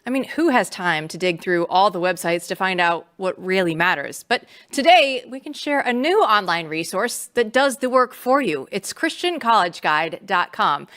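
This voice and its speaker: A woman hosting a news talk show, bantering with a guest and reading an ad in a brisk, upbeat way. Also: mid-range voice, lively intonation, fairly bright tone. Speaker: host.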